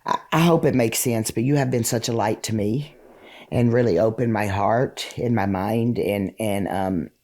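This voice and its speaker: Halting, grateful man with a mellow voice. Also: lowish voice. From rural United States. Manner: halting, grateful, many fillers and restarts. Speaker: interview guest. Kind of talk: emotional conversation.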